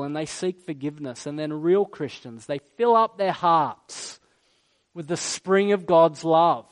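A man preaching from the front of a church, with a voice that sits a little higher than most men's. He talks in a lively, storytelling way with playful asides, and his delivery softens into earnest prayer. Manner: animated, playful storytelling that turns quiet and solemn in prayer. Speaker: pastor. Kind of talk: sermon and prayer.

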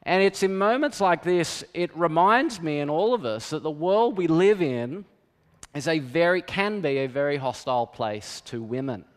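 Speaking at a normal speed with a fairly high, animated voice, this middle-aged pastor delivers a sermon as frank, chatty storytelling laced with jokes at his own expense. Long hall reverb colours the sound.

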